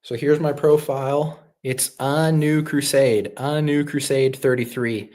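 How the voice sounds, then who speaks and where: A man's voice: mid-range voice, steady tone, a little slow, darkish tone. A man hosting a live stream, talking casually in a rambling, opinionated way with lots of fillers and restarts.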